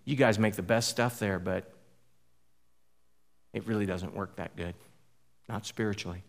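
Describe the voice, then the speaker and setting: A man's voice: lowish voice, fairly even intonation, a little slow. A pastor giving a conversational sermon, often restarting phrases and asking his listeners questions. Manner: informal, repeats words, asks the listeners questions.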